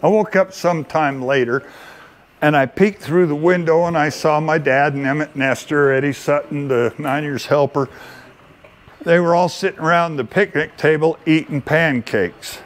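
Folksy male storyteller, somewhat high voice. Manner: unhurried, homespun, playfully earnest. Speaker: open-mic storyteller. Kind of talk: folksy spoken storytelling to an audience.

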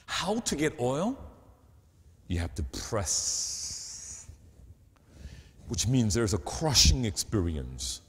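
Brief: male preacher, slow deliberate delivery, big pitch swings, asks the room questions. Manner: animated preaching, swinging from loud to hushed; asks the audience rhetorical questions. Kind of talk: sermon. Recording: long hall reverb.

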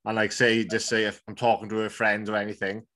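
Welsh man, podcast host, slightly low voice, easygoing chat. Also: a little fast. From Wales. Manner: relaxed, chatty, with many fillers.

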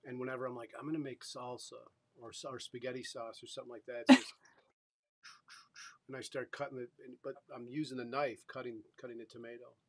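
Rambling, halting male host. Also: medium pitch, level tone. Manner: rambling, halting, many fillers. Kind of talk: casual live-stream chat.

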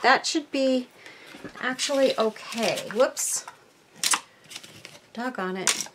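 Bright-voiced woman crafting at a workbench. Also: high-pitched, slow pace, long pauses, slight background noise. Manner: chatty, thinks aloud while working. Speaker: crafting channel host. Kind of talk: casual crafting tutorial.

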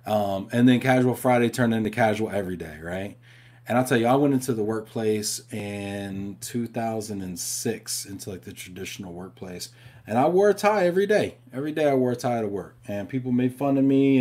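A man's voice: lowish voice, fairly quick, a little mellow. A man hosting a live stream from home, chatting casually and reading viewer questions, upbeat and talking straight to his audience. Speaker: host of a live show.

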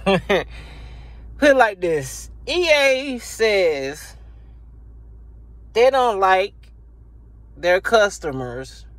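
Animated high-voiced man ranting about games. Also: no room sound. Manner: profane, animated, laughs often. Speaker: gaming YouTuber. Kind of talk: casual rant to camera. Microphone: phone camera.

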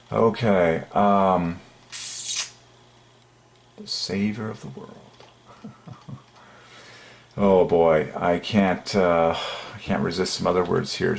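A man hosting his own channel, giving an excited, emphatic religious monologue and chuckling often. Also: deep voice, creaky, background noise. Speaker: channel host. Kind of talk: casual religious monologue to camera.

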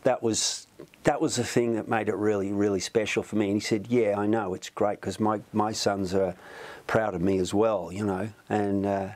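A middle-aged man with a fairly low voice tells long, meandering stories in a relaxed interview. He stops and restarts often and keeps adding asides, the way someone talks while sitting in a music studio. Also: normal speed, no echo. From Australia. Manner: rambling, chatty, many restarts. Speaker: musician guest. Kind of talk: storytelling in an interview.

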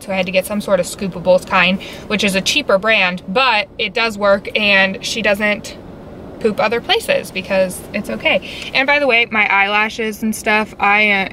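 A woman's voice: medium pitch, sharp tone, poor audio. A young woman vlogging casually from inside a car, rambling with lots of fillers. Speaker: vlogger and tarantula keeper. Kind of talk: casual vlog chat. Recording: vehicle noise behind.

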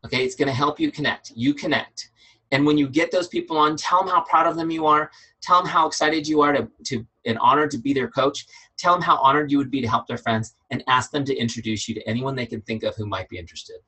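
Amped up guy running a sales training, bright voice with some rasp, keeps repeating himself. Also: medium pitch, steady tone, fast talker, poor audio. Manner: fired-up, emphatic, repeats key lines. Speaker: business coach. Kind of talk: enthusiastic training webinar.

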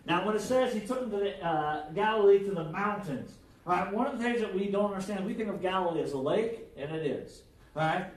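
High-voiced man preaching in an echoey hall. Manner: conversational preaching, frequent "right?" checks with the congregation; animated, jokes and acted-out quotes. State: jet lagged. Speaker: pastor. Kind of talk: sermon. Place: church hall with congregation. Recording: echoey hall, mic at a distance.

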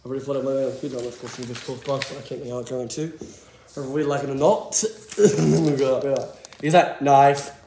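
Giggly, excitable guy in an echoey room. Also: medium pitch, fairly quick, slight background noise. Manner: excitable, giggly, jumps between topics. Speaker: vlogger. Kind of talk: casual rambling commentary.

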